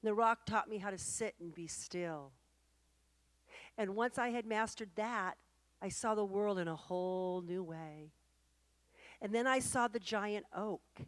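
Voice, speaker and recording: A woman voicing a wise old male village sage in a storytelling sermon, speaking gently and unhurriedly. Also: high-pitched, unhurried. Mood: serene.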